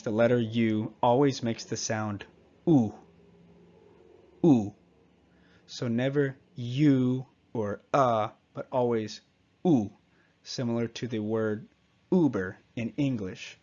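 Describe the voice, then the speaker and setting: A man teaching a Spanish pronunciation lesson, patiently repeating each example word slowly and clearly. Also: medium pitch, a little mellow, lo-fi sound.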